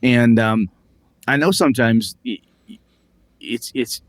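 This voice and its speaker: A man's voice: mid-range voice, slow, no room sound. A man in his forties co-hosting a tabletop gaming podcast, talking casually in a profane, ranting way. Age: 40s. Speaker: podcast co-host.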